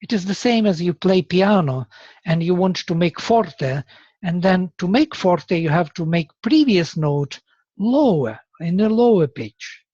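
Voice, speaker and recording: Male lecturer, slow and deliberate, husky voice, dry dull lo-fi recording. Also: sits high, animated, a little mellow, no room sound. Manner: slow, deliberate explaining with chanted examples. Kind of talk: university lecture.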